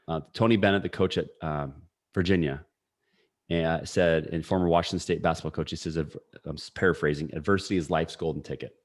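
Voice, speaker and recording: A man in his forties telling a personal story as a podcast guest, energetic and full of fillers. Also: sits low. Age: 40s. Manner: energetic, story-driven talk with frequent fillers. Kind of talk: casual storytelling.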